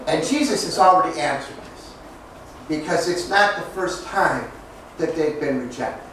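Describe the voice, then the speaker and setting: A man's voice: high-pitched, big pitch swings, a little slow, pushed and bright. A male pastor preaching a sermon in a joking, conversational way, asking the congregation questions and answering back. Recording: echoey hall picked up from a distance, faint noise.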